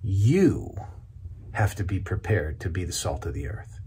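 A pastor giving a short devotional sermon to camera, earnest, stressing single words with long pauses. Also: male voice, sits low, slightly rough. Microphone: camera video.

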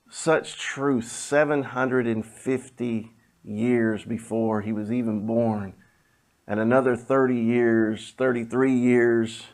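A middle-aged man preaches in a loose, storytelling way, his voice carrying a gravelly edge. He sits at an ordinary middle pitch and often sinks to a hushed, quiet tone as he speaks. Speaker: pastor. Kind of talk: sermon with personal story.

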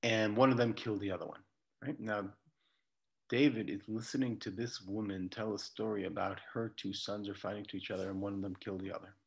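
A rabbi with a lowish, gravelly, breathy-edged voice speaks a little fast with fairly even intonation. In a conversational lecture full of restarts, he retells a Bible story and quotes its figures. The recording is dull and lo-fi.

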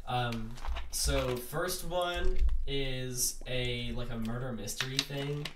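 A man's voice: medium pitch, takes it slowly. A young man co-hosting a podcast in casual chat, rambling with lots of fillers and half-finished starts. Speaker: podcast co-host. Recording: echoey room, distant mic, faint hiss.

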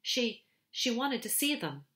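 A woman voices a frightened young boy who pleads and stammers, pitching her voice a little high, above her natural range. It's very animated, pushed, bright and exaggerated, yet delivered at a measured pace.

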